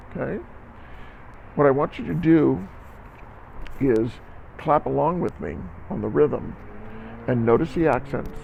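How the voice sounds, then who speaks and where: A man's voice: a little high, vocal fry, darkish tone, slight background noise, poor audio. A man teaching a recorded band lesson to students, encouraging them and counting beats aloud.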